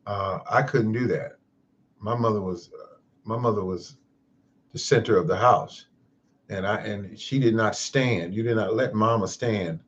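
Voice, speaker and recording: A man's voice: on the low side, a little slow, highs cut off. A man hosting a casual live stream, telling a reflective, moralizing story in a rambling way. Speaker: host of a live-stream gardening show.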